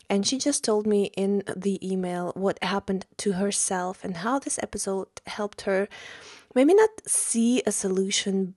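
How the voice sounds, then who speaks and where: A woman's voice: medium pitch, a little mellow, dry recording, clean studio sound. Slightly breathless woman podcast host. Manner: earnest, chatty, with many fillers. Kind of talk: casual podcast monologue.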